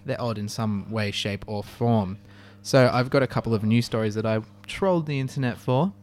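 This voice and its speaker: A man's voice: mid-range voice, normal speed, darkish tone. A man co-hosting a student radio show, chatting casually in a rambling way full of fillers. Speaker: radio co-host.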